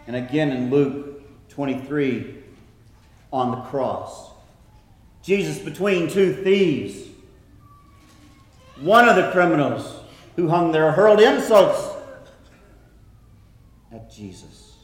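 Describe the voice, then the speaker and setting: A man preaching a sermon in a slow, earnest way, dropping to a soft hush when he quotes scripture. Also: fairly high pitch, very animated. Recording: echoey hall, from a distance.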